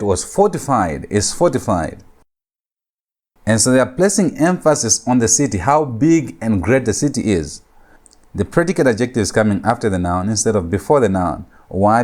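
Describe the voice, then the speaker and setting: A man lecturing on Hebrew grammar, talking deliberately, repeating key points and slowing down to spell out Hebrew words. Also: medium pitch, a little mellow. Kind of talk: recorded classroom lecture.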